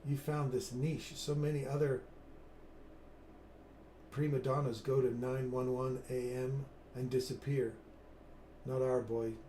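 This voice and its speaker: A man's voice: mid-range voice, warm tone, echoey room, slight background noise. A man in his fifties hosting a live trading stream, chatting in an upbeat way and reading viewer comments aloud. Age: 50s. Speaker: trading livestream host.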